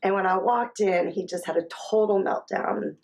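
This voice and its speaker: A woman in her thirties, a mother telling her child's story in a documentary interview, speaking in a halting, personal way with pauses. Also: mid-range voice, a little mellow, low-quality recording.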